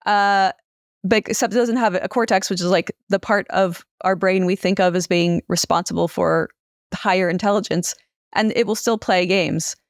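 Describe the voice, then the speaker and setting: A woman neuroscientist explaining her research in a relaxed, casual interview chat. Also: mid-range voice, moderate pace, no room sound, clean studio sound. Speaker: neuroscientist guest.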